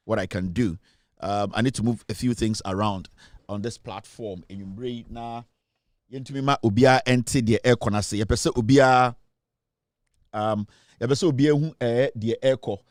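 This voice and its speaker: A man with a Ghanaian accent hosting a casual show, talking with animated, playful banter. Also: medium pitch, normal speed, no echo. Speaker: show host. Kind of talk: casual show talk, mixing English and Twi.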